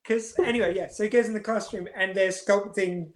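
A woman co-hosting a podcast, chatting about a TV episode with quick asides and rhetorical questions. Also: medium pitch, steady tone, crowd noise. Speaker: podcast co-host. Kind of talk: casual chat reviewing a TV episode.

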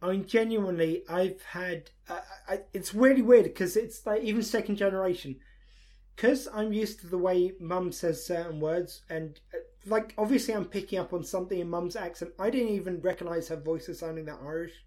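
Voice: mid-range voice, fairly quick, dark tone. Podcast host, mid-range voice, earnest enthusiast, casual chatter.

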